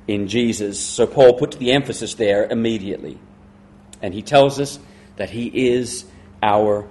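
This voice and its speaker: Middle-aged guy preaching, leans hard on key words then goes quiet, mid pitch. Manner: emphatic, slows and drops to a hush on key words. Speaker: pastor. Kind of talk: sermon.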